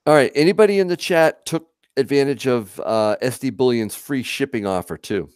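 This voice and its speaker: A man's voice: mid-range voice, moderate pace, a little mellow, clean tone, no room sound, studio quality. A man co-hosting a casual livestream, chatty and laughing often as he reads comments aloud. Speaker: livestream co-host. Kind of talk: casual live chat.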